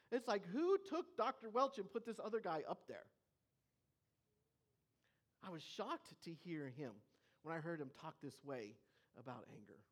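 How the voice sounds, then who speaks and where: Preacher, sermon, earnest, emphatic, slow weighty pauses, mid-pitched voice.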